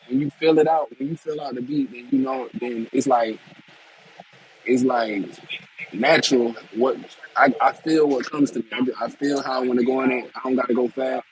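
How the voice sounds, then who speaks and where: A man's voice: medium pitch, rough recording. Laid-back slangy man on a call. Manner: laid-back slangy talk, laughs often. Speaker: rapper guest. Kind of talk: casual chat on a live audio call.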